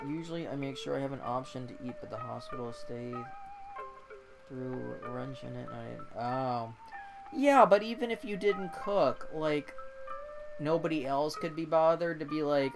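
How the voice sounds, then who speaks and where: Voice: medium pitch, moderate pace, creaky, over music. An exhausted, yawning streamer in casual game-stream chat, ranting and swearing with exasperation.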